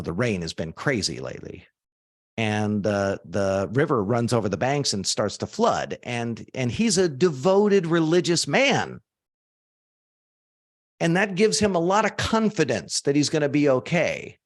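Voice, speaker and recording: A man teaching a live seminar, animated and informal, swearing now and then for emphasis and asking the audience to join in. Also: medium pitch, unhurried. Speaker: motivational speaker.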